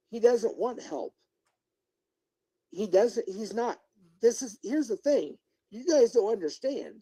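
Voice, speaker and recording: A man's voice: high voice, dark tone, low-quality recording. A middle-aged man live-streaming as a YouTuber, ranting indignantly and talking straight to his viewers and chat. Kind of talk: unscripted livestream rant.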